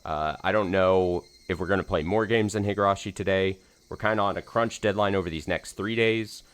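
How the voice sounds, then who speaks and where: A man with a very low voice opens his let's play stream in a slightly hoarse, casual ramble. He talks in a loose, self-deprecating way and fills gaps with ums and likes. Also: steady tone, brisk, fairly bright tone. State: slightly hoarse from screaming the night before. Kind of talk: casual stream chat before reading a visual novel.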